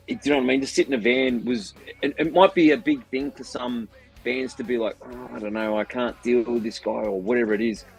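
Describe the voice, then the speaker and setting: An Australian man, a band musician, telling a long story in a lively, rambling way and acting out what people said. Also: mid-range voice, vocal fry, husky, low-quality recording. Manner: animated, rambling, acts out others' lines. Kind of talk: casual storytelling on a livestream.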